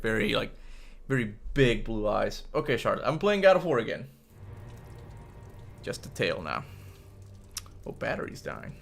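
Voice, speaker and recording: A man's voice: medium pitch, vocal fry, fairly bright tone. A man streaming from his home desk, chatting casually and playfully, slipping into baby talk with his cat. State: out of breath. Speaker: gaming streamer. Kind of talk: casual livestream chat. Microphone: desk mic.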